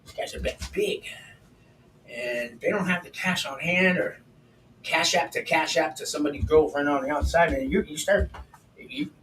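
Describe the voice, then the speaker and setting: A man's voice: on the high side, a bit bright, recorded from a distance. An older man hosting a livestream, telling stories in a blunt, profane, chatty way while cooking in his home kitchen. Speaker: livestream host. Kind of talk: casual storytelling while cooking. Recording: roomy, off-mic with faint background noise.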